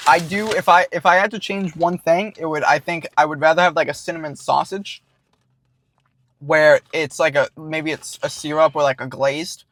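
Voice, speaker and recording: A man talks through a food review, carefully describing flavor and texture. His voice sits slightly high for a man. The recording is dry and close, with no room sound. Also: fairly even intonation, moderate pace, a bit bright, dry recording. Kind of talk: casual food review chat.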